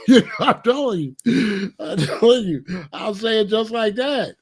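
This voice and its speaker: A man's voice: sits high, lively intonation, measured pace, husky. A man hosting a casual talk show and giving blunt, joking advice on marriage, acting out little scenes as he goes. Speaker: host.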